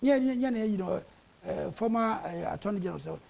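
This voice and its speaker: Panelist, raspy with gravelly edges, argumentative and insistent. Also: mid-range voice, expressive, fast, darkish tone. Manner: argumentative, mixing Twi and English. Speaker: panel guest. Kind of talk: heated political debate. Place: television studio.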